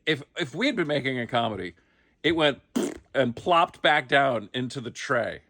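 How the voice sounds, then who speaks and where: Middle-aged man, comic anecdote, animated delivery with a bright voice, dry close sound. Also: medium pitch, normal speed, no echo. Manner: lively, comic storytelling with acted-out quotes. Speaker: actor telling a behind-the-scenes story. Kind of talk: casual anecdote.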